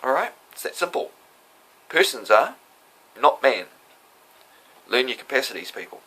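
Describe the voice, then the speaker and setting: Defiant man with a bright, husky voice. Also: mid-range voice, sing-song, moderate pace, rough recording. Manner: defiant, emphatic, lecturing. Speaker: self-represented defendant recounting a court hearing. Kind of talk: casual spoken monologue.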